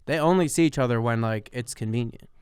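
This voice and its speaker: A man co-hosting a podcast in a relaxed chat, often agreeing with his co-host. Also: medium pitch, fast talker. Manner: agreeable, often says yeah, laid-back. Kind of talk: casual chat.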